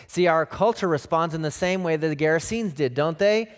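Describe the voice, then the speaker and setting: A male pastor delivers a sermon in an emphatic preaching style, with a somewhat high-pitched voice. He drives his points home with rhetorical questions and short repeated phrases. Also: brisk, few pauses.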